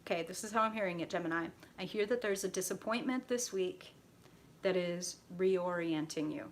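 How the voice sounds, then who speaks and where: A woman's voice: fairly low pitch, normal speed, slight background noise. Chatty woman reading tarot live. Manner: chatty, laughs often, swears, talks to viewers by name. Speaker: tarot reader hosting a livestream.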